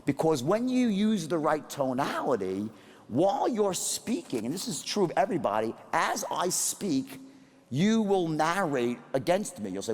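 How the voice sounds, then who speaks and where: A man running a sales seminar, lively and profane, jumping around in pitch as he acts out tones of voice. His voice sits a little high and rings with a long hall reverb. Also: normal speed. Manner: animated, profane, demonstrates tones of voice. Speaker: sales trainer. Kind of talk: live seminar talk.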